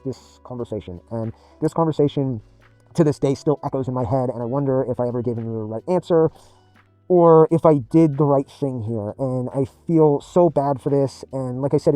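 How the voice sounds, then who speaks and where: A man's voice: mid-range voice, dark tone, no echo. A man telling a long personal gaming story in a rambling, emphatic way. He repeats himself and swears often. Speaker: gaming video creator.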